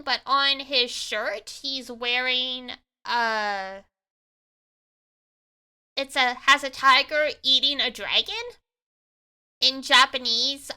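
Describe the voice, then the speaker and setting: Bright, chatty woman streamer. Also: sits high, smooth. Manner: chatty, joking, swears casually. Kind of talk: casual gameplay commentary.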